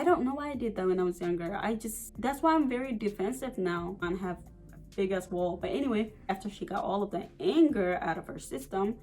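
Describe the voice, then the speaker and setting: A young woman from the United States telling a dramatic personal story in a story-time vlog. She talks in an animated, profane rush with constant fillers, at an ordinary middle pitch. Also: rough recording. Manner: animated, profane, many "like" and "you know" fillers. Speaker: vlogger.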